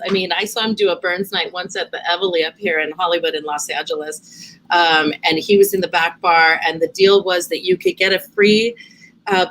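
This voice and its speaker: Chatty woman with a low voice. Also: a bit bright, slight background noise, poor audio. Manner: chatty storyteller, laughs easily. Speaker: guest from a hospitality charity. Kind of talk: casual chat on a live stream.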